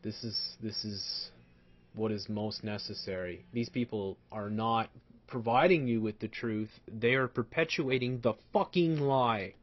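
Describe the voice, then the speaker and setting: A man ranting angrily in commentary, profane and repetitive, swinging between shouting and low muttering. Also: a little slow. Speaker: commentator reacting to a video. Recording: dull lo-fi sound.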